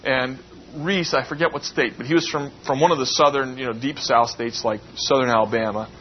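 A man's voice: steady tone, brisk. Man preaching a conversational sermon. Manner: conversational, building to emphatic rises in pitch. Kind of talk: sermon with storytelling. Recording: slightly dull recording with faint noise.

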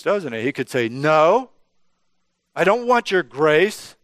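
A man's voice: fairly high pitch, fairly bright tone, smooth, no room sound. A middle-aged man preaching a sermon as pastor, earnest and conversational, often restarting and building emphasis.

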